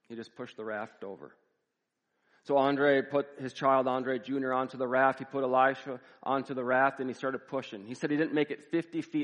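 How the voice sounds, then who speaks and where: A male pastor telling a story in a sermon, with measured, dramatic repetition. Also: medium pitch, a bit bright, long reverb tail.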